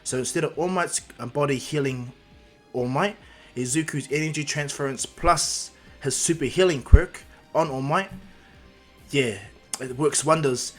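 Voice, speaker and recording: A man's voice: fairly high pitch, a little slow, faint music behind. A man casually retelling a fan-made story, rambling with restarts and asides.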